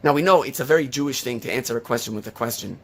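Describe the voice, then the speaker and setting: Speaking very fast at a medium pitch, a male rabbi delivers a sermon full of rapid rhetorical questions and a story retold with lively emphasis.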